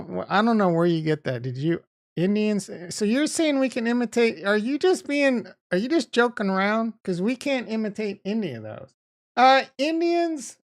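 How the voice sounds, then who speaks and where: A high-pitched man with a Boston accent streams about crypto, reading chat and talking back to it. His casual livestream talk is rambling and profane.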